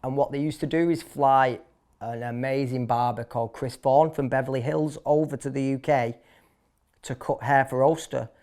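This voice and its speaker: Man, Manchester accent, thirties, barber guest, blunt, chatty, fillers and restarts, medium pitch. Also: fairly even intonation, normal speed, a little mellow. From Manchester, England. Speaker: barber and shop owner, interview guest. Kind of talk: casual interview storytelling.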